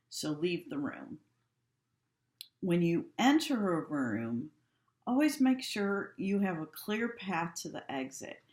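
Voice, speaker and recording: A woman giving a calm, instructive training talk to staff and repeating her key points. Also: on the low side. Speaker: healthcare trainer. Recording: echoey room.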